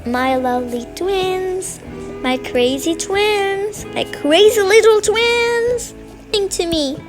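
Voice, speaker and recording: A woman's voice: extremely high pitch, lively intonation, slow, exaggerated voice. Woman doing a fussy mom of twins. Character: busy caring mother of twins. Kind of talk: toy game role-play. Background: background music.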